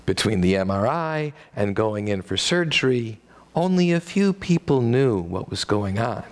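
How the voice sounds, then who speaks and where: A Midwestern American man performs a one-man stage monologue in a mid-pitched voice. He takes his time, letting each line land slowly. His humor is wry and self-deprecating, with sudden pitch leaps for comic effect. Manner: expressive, jumping pitch for comic emphasis.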